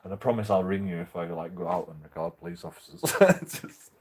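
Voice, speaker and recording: Giggly low-voiced man. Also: very animated, fairly quick, darkish tone, husky. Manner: giggly, laughs through his words. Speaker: auditor vlogger. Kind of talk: rambling casual monologue.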